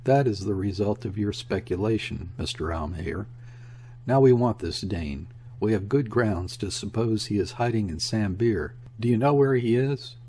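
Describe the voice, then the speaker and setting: A man's voice: fairly low pitch, normal speed, warm tone, a little hiss or hum, close to an everyday voice. A man doing a stern naval lieutenant. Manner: stern, clipped, interrogating.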